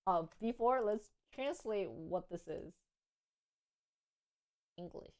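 Lively, smooth-voiced young woman streamer. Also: mid-range voice, takes it slowly. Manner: chatty, playful, thinking aloud while trying things out. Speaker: live streamer. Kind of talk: casual live-stream chat.

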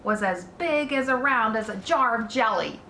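A woman teacher reading a children's book aloud in a slow, deliberate manner. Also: on the high side, animated, sharp tone, a little hiss or hum. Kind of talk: read-aloud storytelling. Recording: roomy echo.

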